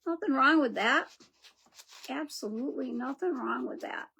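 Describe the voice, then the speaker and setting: A woman's voice: high-pitched, normal speed, gravelly, sharp tone, husky. A woman hosting a live crafting demo, chatting and greeting viewers by name as she works. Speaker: craft livestream host.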